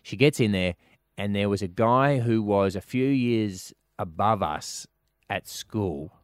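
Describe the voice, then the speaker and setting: A middle-aged Australian man hosting a casual chat, chatty and quick to laugh as he tells a story. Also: fairly low pitch, no room sound, studio quality. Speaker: podcast host.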